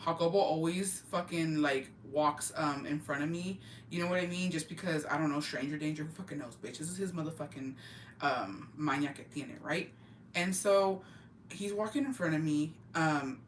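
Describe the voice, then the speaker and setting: A woman vlogger with a deep voice tells her viewers a gossip story at normal speed, in a casual, profane, emphatic way that drops Spanish phrases into her English. The recording sounds roomy, with a distant mic and faint ambient noise.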